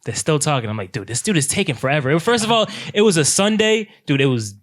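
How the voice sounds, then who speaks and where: Young guy, podcast co-host, slightly high voice, animated casual storyteller. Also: fast talker. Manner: animated, says "dude" constantly, quotes himself and others. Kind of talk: casual storytelling among friends.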